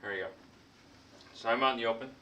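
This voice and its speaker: A man's voice: mid-range voice, fast talker, pushed and bright. A man playing a tabletop wargame, explaining his moves in casual chat and trailing off into mutters as he thinks. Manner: talks through his moves, drops to mutters. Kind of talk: casual game commentary. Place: room around a gaming table. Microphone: camera mic at a distance. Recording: echoey room, distant mic, background hiss.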